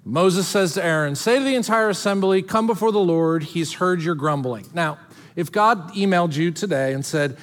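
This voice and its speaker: A man's voice: high-pitched, expressive, moderate pace, in a large hall. A man preaching as a pastor, moving between reading scripture aloud and casual, joking asides to the congregation. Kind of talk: sermon.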